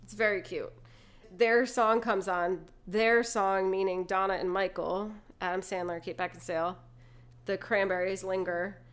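Young female co-host, casual and animated, retells scenes and laughs. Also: medium pitch, measured pace, smooth. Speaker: podcast co-host. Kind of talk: casual movie recap chat.

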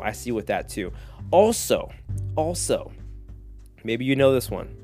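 A man talks on his own podcast in a loose, rambling way, full of fillers and self-deprecating jokes. His voice sits at a middling pitch for a man, and faint music plays underneath. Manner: rambling, joking, lots of fillers. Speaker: podcast host. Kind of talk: casual solo podcast talk.

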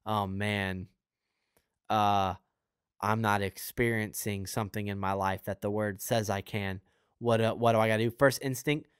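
A man's voice: on the low side, smooth, no echo, clean studio sound. A young man with the hiccups, hosting his own show and giving a casual, earnest Christian teaching full of fillers and asides. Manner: earnest, conversational, rambling with fillers. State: has the hiccups. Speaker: podcast host and preacher.

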